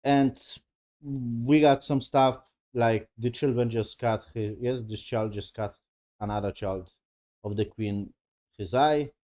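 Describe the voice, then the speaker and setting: A man with a dark, mellow voice reviews a TV episode in a casual, profane recap. His English has non-native grammar, and he slips into quick impressions of the characters. He sits at a middling pitch. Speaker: TV show reviewer.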